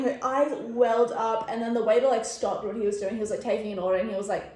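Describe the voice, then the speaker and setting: A young woman co-hosting a podcast, teasing her friend and retelling stories with lively voices. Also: a little high, brisk, hardly any pauses, a little hiss or hum. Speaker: podcast co-host. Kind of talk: casual chat. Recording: echoey room.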